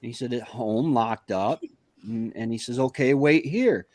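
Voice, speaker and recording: A man's voice: mid-range voice, a little slow, a little mellow, dry recording. A man telling a rambling anecdote in casual chat on a livestream.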